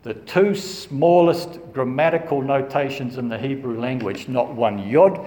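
A man's voice: mid-range voice, a little slow, mellow. Emphatic male Bible teacher, echoey room. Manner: earnest, emphatic, stresses key words. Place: room at home.

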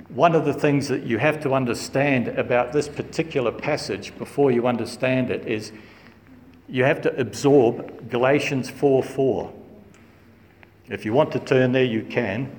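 A man's voice: mid-range voice, a little mellow, roomy sound, big-room sound. A man teaching through a Bible passage verse by verse, earnest and emphatic, recorded in a room at home. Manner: earnest, emphatic, stresses key words.

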